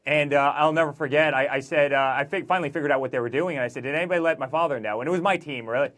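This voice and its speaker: A man in his forties, a guest author in a political interview, talking emphatically in rapid-fire lists. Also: a little high, a bit bright.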